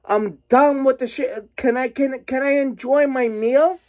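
Slow-talking, swearing woman ranting. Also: high voice, a little mellow, poor audio. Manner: rambling, swearing, exasperated. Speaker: vlogger. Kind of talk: casual profane rant to camera.

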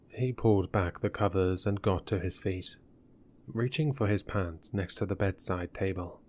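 A man narrating a horror story in a measured, deliberate way. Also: low-pitched, a little mellow.

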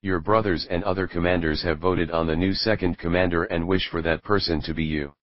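A man reading the lines of a calm, fatherly old pirate captain in a storybook reading. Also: low-pitched, fairly quick, no echo, muffled recording, close to an everyday voice.

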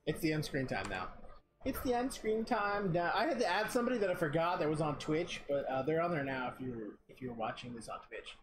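Young streamer at home on a desk mic, animated swings in pitch, keyboard clatter behind. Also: fairly quick. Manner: chatty and excitable, thanks viewers by name. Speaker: game streamer. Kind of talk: casual live-stream chat. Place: home room. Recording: keyboard typing noise behind.

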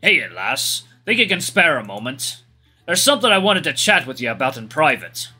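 A man voicing a gruff, boastful old male hyena father in a folksy, pirate-like drawl. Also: on the high side, sing-song, moderate pace, pushed and bright, faint music behind, full character voice. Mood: hearty.

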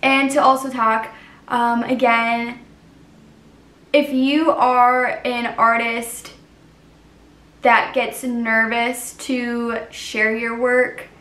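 A woman's voice: on the high side, little pitch movement, extremely slow, long pauses, a bit bright. A woman artist hosting her own channel, talking to camera in an earnest, encouraging way. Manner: earnest, encouraging, frequent "like" fillers. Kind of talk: casual vlog talk to camera. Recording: roomy sound, voice from a distance to the mic.

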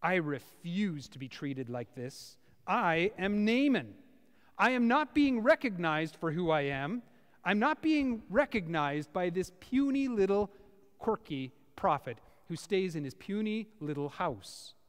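A man's voice: high voice, very animated, measured pace, clean tone, long reverb tail. A man acting out a proud, indignant army commander in a sermon, ranting with pompous self-importance. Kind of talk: sermon acting out a scripture figure.

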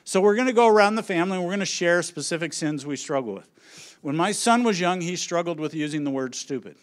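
Middle-aged male speaker, fairly high voice, lively story-driven stage presentation. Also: a little fast. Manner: animated storyteller who acts out his family's lines. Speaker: conference speaker on children's ministry. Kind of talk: humorous presentation to an audience. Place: on a stage at a conference.

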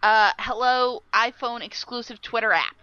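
A woman chats casually as a podcast co-host, swearing freely and rambling from thought to thought. Her voice is bright and forward, captured dry on a slightly dull, lo-fi mic. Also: on the high side, normal speed, no echo. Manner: swears freely, laughs often. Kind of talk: casual chat.

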